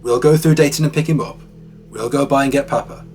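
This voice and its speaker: A man's voice: medium pitch, fairly even intonation, fairly quick, a little mellow, faint music behind, natural voice. A man voicing a frightened middle-aged grandmother who pleads and soothes a terrified child, lifting his voice slightly above his narration. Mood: reassuring.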